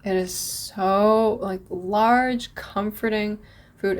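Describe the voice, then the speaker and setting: A woman's voice: on the high side, a little fast. A woman podcast host telling a travel story in a casual, rambling way, full of "like" and restarts. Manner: rambling, animated, many "like"s and restarts.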